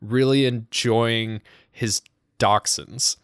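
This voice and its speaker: A man's voice: on the low side, normal speed, fairly bright tone, no echo, studio quality. A man hosting a casual podcast, talking in a rambling, self-deprecating way with many restarts. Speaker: podcast host. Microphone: home podcast microphone.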